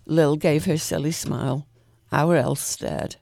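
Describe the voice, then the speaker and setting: A man reading a short story aloud in a calm, even way, with the odd small slip. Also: fairly high pitch, slow, vocal fry, no room sound, clean studio sound.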